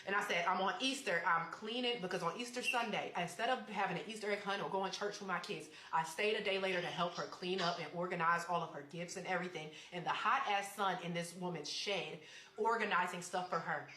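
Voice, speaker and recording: A woman telling a personal story in casual chat, animated and reading out text messages. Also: fairly low pitch, a little fast, roomy sound, a little hiss or hum.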